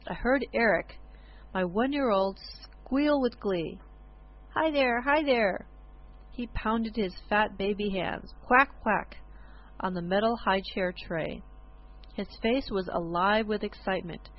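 A woman reading a first-person story aloud in a measured, expressive way. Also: medium pitch, highs cut off.

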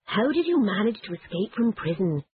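A woman's voice: mid-range voice, sing-song, normal speed, husky, no echo. Woman reader doing storybook mole, eager and cheerful, drawn out, lo-fi. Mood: pleased. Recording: tinny phone-like lo-fi sound.

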